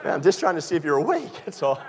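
Joking, emphatic preacher with a light voice. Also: male voice, fairly high pitch, big pitch swings, very fast, crowd noise, background noise. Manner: conversational and joking, with emphatic swells. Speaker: pastor. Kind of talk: sermon.

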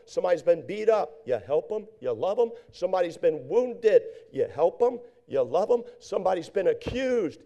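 Man, preacher, sermon storytelling, repetitive cadence, high pitch, mellow tone. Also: vocal fry. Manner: repetitive preaching cadence, acts out quoted voices.

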